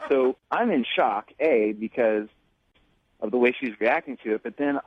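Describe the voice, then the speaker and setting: A man calling in to a radio show, talking haltingly with many restarts. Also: mid-range voice, slightly rough, no echo, dull audio. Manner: halting, hesitant, lots of restarts. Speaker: caller. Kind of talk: casual radio phone call.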